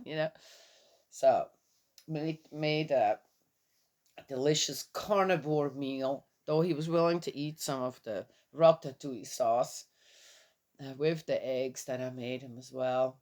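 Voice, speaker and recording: A woman's voice: deep voice, a little slow, darkish tone. A woman in her fifties, a little tired, chatting casually in a morning vlog, rambling and chuckling often. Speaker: vlogger.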